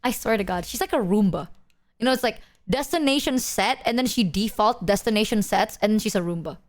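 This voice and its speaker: A woman's voice: mid-range voice, expressive, brisk. A young woman streamer telling a long story to her viewers, rambling with lots of fillers and laughing often. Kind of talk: casual chat to stream viewers.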